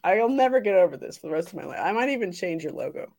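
A woman's voice: medium pitch, lively intonation, quick pace, a crowd in the background. A woman co-hosting a casual chat, teasing and giggling as she talks.

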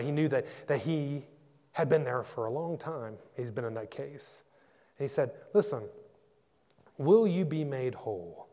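A man, a pastor, preaching a passionate sermon and telling stories that build to loud peaks. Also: medium pitch. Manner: passionate storytelling, rising to shouts in climaxes. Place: church. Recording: echoey church hall.

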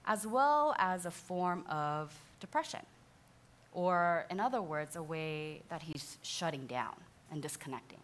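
A woman in her thirties giving a sermon-style teaching talk as a counselor, animated and acting out the voices she quotes, often laughing. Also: low voice, a little slow. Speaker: speaker, counselor.

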